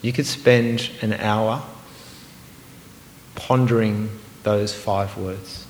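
A man preaching a sermon, earnest and emphatic, sometimes slowing to a hushed, meditative repetition. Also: fairly low pitch, fairly even intonation, slight background noise. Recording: roomy hall with long reverb.

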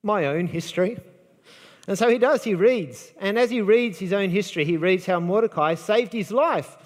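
A man preaches to a gathered congregation, retelling a Bible story with lively drama. His voice sits a little high for a man. The long reverb of a large hall trails behind every phrase. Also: normal speed. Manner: dramatic storytelling, acting out the quoted lines.

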